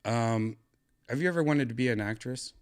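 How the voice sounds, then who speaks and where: A man hosting a podcast, chatting casually in a rambling, halting way with crude asides. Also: mid-range voice. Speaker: podcast host. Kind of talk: casual chat.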